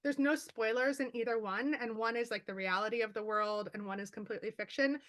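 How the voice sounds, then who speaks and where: A woman author on a video call, telling stories quickly and animatedly with lots of fillers. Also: a little high. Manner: fast, animated storytelling with many fillers. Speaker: author guest. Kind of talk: casual chat.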